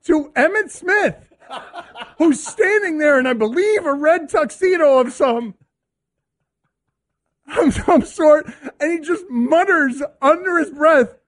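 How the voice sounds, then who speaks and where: A male radio host telling a story with animated energy, laughing as he talks. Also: very high voice, slow. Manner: excitable storyteller, laughs while talking. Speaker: radio sports show host.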